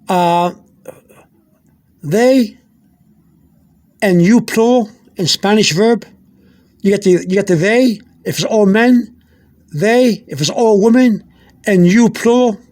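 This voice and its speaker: Halting high-voiced man teaching language. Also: darkish tone. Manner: halting, repeats words, many fillers. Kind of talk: casual explanatory lesson.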